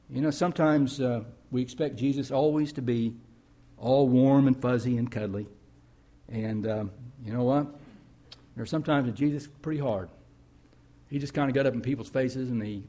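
Male pastor, husky mid voice, conversational storytelling sermon. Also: mid-range voice, mellow. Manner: storytelling, conversational preaching with emphatic rises.

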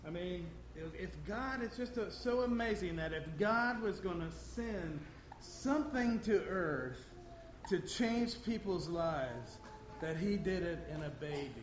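A man speaking with enthusiasm, halting as he searches for words. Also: sits high, expressive. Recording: roomy lo-fi sound with background noise.

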